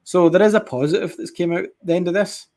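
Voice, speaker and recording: A man co-hosting a podcast, chatting casually in an excitable, sweary and rambling way. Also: high-pitched, fast. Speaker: podcast co-host. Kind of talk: casual chat.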